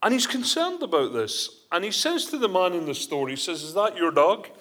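A man's voice: sits high, wildly swooping pitch, moderate pace, pushed and bright. A man preaching a sermon, telling illustrations and reading scripture with rising emphasis.

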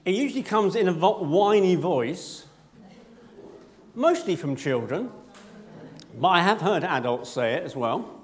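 Male preacher, conversational, self-deprecating, animated delivery. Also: high voice, measured pace. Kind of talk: sermon.

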